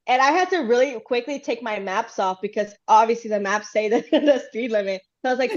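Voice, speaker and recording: Brief: podcast host, woman, animated storyteller who laughs often, a bit high-pitched, dull lo-fi recording. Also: a little fast, hardly any pauses. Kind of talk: casual chat.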